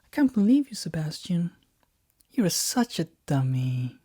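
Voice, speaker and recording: Guy putting on a young kiwi-accented girlfriend, high shrill voice, kinda husky. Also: big pitch swings, measured pace, mellow, no echo, studio quality, heavily acted. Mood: pleading. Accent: New Zealand. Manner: shrill and emphatic. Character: exasperated young woman, loving girlfriend.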